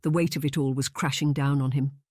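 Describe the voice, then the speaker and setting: Audiobook narrator, calm steady storytelling, mid pitch, very dry close mic. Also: brisk, no room sound. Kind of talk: scripted narration.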